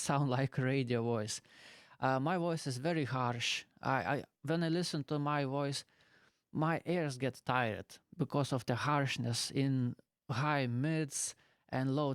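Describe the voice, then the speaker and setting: A YouTuber speaking in halting, non-native English in a casual explainer vlog, recorded in a small bedroom on a close dynamic mic. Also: male voice, mid-range voice, no echo. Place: small bedroom with pillows piled around. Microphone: close dynamic studio mic.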